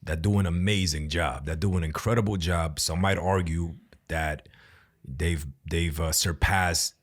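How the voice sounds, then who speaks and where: A man's voice: deep voice, steady tone, a little slow. A man hosting a podcast, talking in a laid-back, slangy way in casual conversation. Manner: laid-back slangy talk with frequent laughs.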